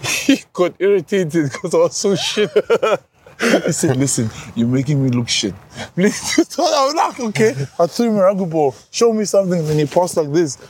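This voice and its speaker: A South African man in his thirties, a rugby captain, telling stories in relaxed casual chat as an interview guest. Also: high voice, moderate pace, husky. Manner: relaxed storytelling, says bro a lot, many restarts.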